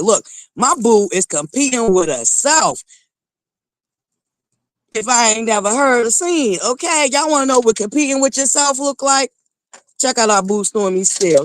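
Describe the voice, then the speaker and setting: A woman hosting a casual morning livestream, excitedly greeting viewers by name and chatting in a lively way. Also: mid-range voice, dry recording. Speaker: host of a morning talk stream.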